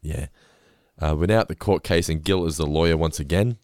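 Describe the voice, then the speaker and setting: A man's voice: a bass voice, brisk, darkish tone. A man co-hosting a podcast in casual chat, who talks in a chatty way, swears, and recaps episodes. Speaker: podcast co-host.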